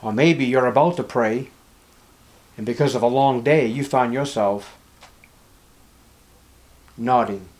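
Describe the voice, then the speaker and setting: A middle-aged man preaching a sermon as pastor, with impassioned delivery, dramatic pauses and scripture read aloud. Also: medium pitch, darkish tone.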